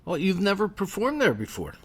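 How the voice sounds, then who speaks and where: A man's voice: high-pitched, wildly swooping pitch, fairly quick, breathy edge. Chatty male radio host. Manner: rambling, restarts questions. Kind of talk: casual radio interview.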